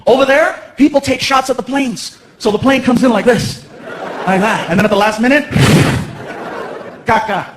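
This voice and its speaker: A man doing stand-up comedy, an animated, slangy storyteller on a stage mic in a large theater. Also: extremely high pitch, a little fast, background noise. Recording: echoey theater with loud crowd.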